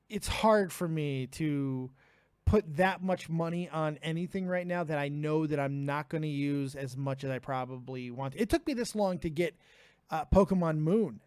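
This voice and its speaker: High-voiced excitable male stream host. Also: normal speed, no echo, clean studio sound. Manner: laughs often, swears freely, excitable. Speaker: livestream host taking calls. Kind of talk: casual live call-in chat.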